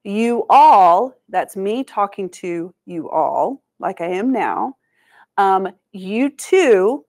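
A woman leads a language lesson for schoolchildren at a museum talk. She is encouraging and patient, and she breaks words into slow syllables for the group to repeat back to her. Her voice sits at an ordinary middle pitch. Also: animated, darkish tone. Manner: encouraging, call-and-response, slows to sound out syllables. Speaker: Cherokee language and culture educator. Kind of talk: teaching a children's language lesson. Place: museum presentation room.

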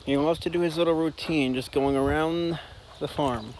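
A man vlogging outdoors on a farm with his dog, chatting casually and talking to the dog in a high sing-song voice. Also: fairly even intonation, normal speed, darkish tone, a little hiss or hum. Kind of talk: casual vlog narration. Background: faint outdoor ambience.

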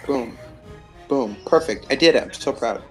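A man's voice: medium pitch, normal speed, faint music behind. A man playing a tabletop game in casual chat, joking and poking fun at himself. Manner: jokey, self-mocking. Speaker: player.

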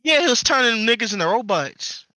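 A man's voice: extremely high pitch, big pitch swings, brisk, bright, forceful tone, no echo. A young man co-hosting a casual podcast, laid-back and laughing, quoting theme songs and lyrics. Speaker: podcast co-host.

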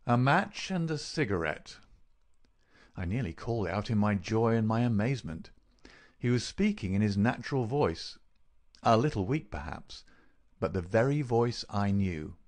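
A man with a fairly low voice reads a story aloud for English learners. He keeps a steady, clear pace through the narration. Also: moderate pace.

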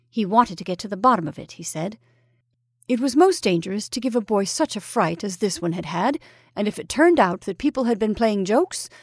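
A woman narrating a classic ghost story in a measured, even reading style. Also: medium pitch, no echo, studio quality.

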